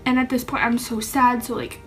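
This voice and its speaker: A woman's voice: a little high, level tone, brisk, fairly bright tone, faint music behind. Tearful young woman telling her story. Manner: heavy use of "like", emotional and tearful at times. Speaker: vlogger. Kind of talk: personal coming-out story to camera.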